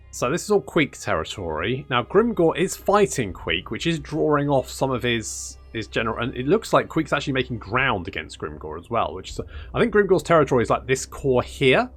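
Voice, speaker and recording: A man's voice: medium pitch, a bit bright, slightly rough. A man commentating a strategy game in casual let's-play style, sarcastic and swearing as he grumbles at the game. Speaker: gaming YouTuber.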